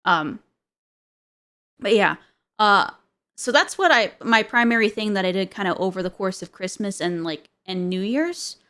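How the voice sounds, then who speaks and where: A woman's voice: mid-range voice, lively intonation, normal speed, fairly bright tone. A woman streamer in casual chat, rambling with many fillers and frequent giggles.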